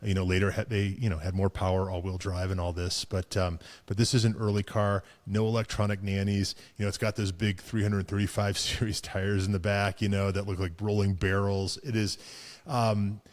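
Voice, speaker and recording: Low-voiced man rambling about cars. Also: little pitch movement, fairly quick. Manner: rambling, lots of fillers and restarts, chuckles. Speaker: car show co-host. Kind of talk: casual chat.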